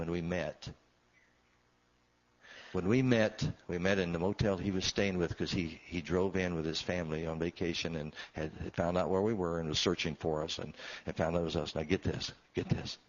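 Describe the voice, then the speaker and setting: Low-voiced man telling an earnest testimony. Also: fairly even intonation, moderate pace. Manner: earnest, acts out quoted voices, repeats for emphasis. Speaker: testimony speaker. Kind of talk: emotional storytelling testimony. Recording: dull lo-fi recording.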